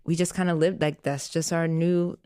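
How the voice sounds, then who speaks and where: A woman's voice: sits low, level tone, moderate pace, dark tone, clear, resonant tone, dry recording, clean studio sound. A woman from a Caribbean family telling a personal story in a casual podcast conversation, laughing now and then and using many fillers. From Caribbean family, Jamaica. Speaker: podcast guest, parent.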